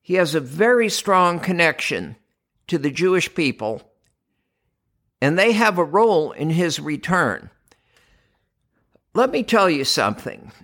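Older American man, podcast preacher: unhurried, emphatic, lively rising and falling pitch. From United States. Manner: slow, deliberate, emphatic preaching delivery. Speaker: podcast host, doctor. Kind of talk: scripted religious podcast talk.

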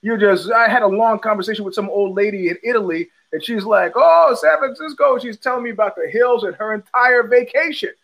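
A man's voice: high-pitched, fairly quick, hardly any pauses, fairly bright tone, rough recording. An older man hosting a podcast, telling a rambling story with many fillers and restarts, acting out the people he quotes. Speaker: podcast host. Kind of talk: casual storytelling monologue.

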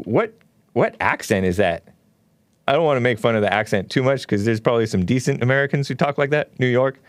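A man's voice: mid-range voice, dry recording, clean studio sound. Scornful ranting male talk host. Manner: scornful, ranting, with mocking laughs. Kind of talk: opinionated monologue.

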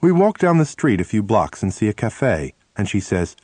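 A male audiobook narrator with a lowish voice that rises and falls a lot as he tells a first-person memoir. His delivery is lively and expressive. The sound is close and dry, with no room around it. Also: normal speed, husky, dry recording.

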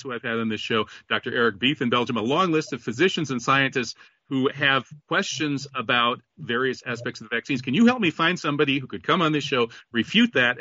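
A man's voice: medium pitch, bright, forceful tone, no room sound, highs cut off. A male radio host who stammers as he tries to break in on an angry guest. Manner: stammering, keeps trying to interrupt. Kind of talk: interview.

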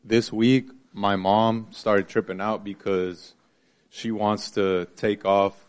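A man with a low voice telling a personal story in a casual group chat, animated and laughing often. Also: slow pace, clear, resonant tone. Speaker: group participant sharing a story.

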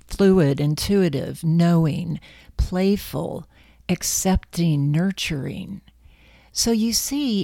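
A woman hosting her own talk as a wealth coach, speaking in a calm, measured, reflective way and drawing out her words. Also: lowish voice, creaky, no echo, clean studio sound. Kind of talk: scripted talk to camera.

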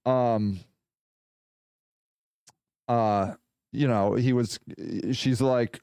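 A man hosting a casual podcast, rambling and excitable, talking in bursts into a close mic. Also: mid-range voice, drawn-out words, long pauses, smooth, no room sound. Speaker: podcast host.

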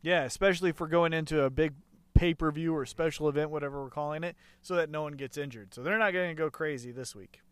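This is a man co-hosting a wrestling podcast in loose, casual chat. He jokes around with crude trash talk in a noticeably high voice. The recording is dry, with little room sound. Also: fast talker, clear, resonant tone, no echo.

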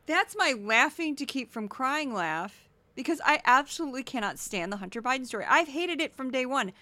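Woman host in her forties from Missouri, sarcastic and goofy, bright voice. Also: on the high side, very animated, fairly quick, no echo. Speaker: podcast host. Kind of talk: solo commentary podcast.

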